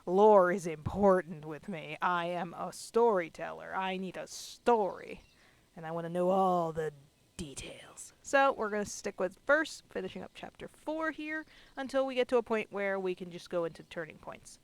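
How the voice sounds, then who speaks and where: Brief: animated woman let's player, expressive and conversational. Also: mid-range voice, moderate pace, dry recording. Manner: animated and chatty. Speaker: let's play host. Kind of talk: casual gameplay commentary.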